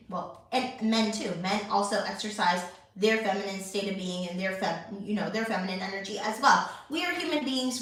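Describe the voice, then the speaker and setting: A woman's voice: mid-range voice, pushed and bright, recorded from a distance. A young adult woman hosting her own channel, talking casually to camera, chatty and full of fillers and restarts. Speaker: lifestyle channel host. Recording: echoey room, voice off-mic.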